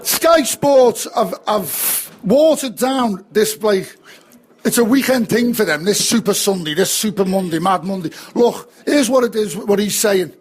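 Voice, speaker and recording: Ranting high-voiced Liverpool fan. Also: male voice, lively intonation, a little slow, husky. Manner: passionate, ranting, repetitive. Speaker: football fan pundit. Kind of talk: heated pub-style football chat.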